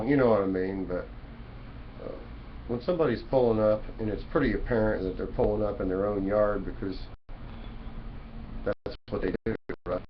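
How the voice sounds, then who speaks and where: A man with a fairly low voice rambles through a preachy, folksy monologue to his webcam. The audio is dull and lo-fi, with faint room noise behind him. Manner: folksy, preachy, repeats "you know" and "man". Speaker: vlogger. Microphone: webcam mic.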